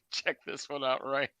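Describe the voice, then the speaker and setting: A man co-hosting a casual political talk show, excitable and prone to laughing and repeating himself. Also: mid-range voice, noisy background. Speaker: co-host.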